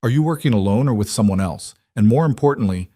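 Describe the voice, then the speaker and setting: A male narrator voices a weary, blunt female detective in his own low register, pushing her questions in measured, level tones. His delivery is expressive and warm. The recording is dry and close-miked, with no room sound at all.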